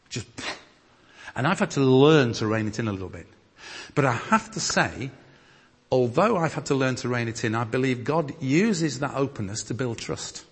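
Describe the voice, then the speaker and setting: A man from northern England preaching and leading group discussion in a church hall, lively and emphatic as he reads scripture. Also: medium pitch, breathy edge. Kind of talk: teaching sermon with group discussion. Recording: long hall reverb.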